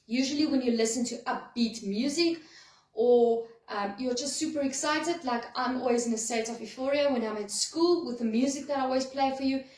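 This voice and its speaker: High-voiced teacher, woman, echoey room. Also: normal speed, darkish tone. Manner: friendly, explains with acted-out examples. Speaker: schoolteacher. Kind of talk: recorded lesson for pupils. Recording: echoey room, voice a bit far from mic.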